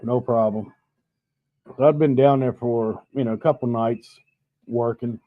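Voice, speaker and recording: A man's voice: medium pitch, dry recording. A middle-aged man hosting a live stream, telling a story in a laid-back, rambling, profane way while having drinks. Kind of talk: casual storytelling chat over drinks. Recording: dull, dry lo-fi sound.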